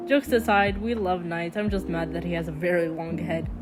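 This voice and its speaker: A young woman giving a chatty, casual voice-over commentary with quick sarcastic asides. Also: on the low side, fairly even intonation, over music. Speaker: commentary vlogger.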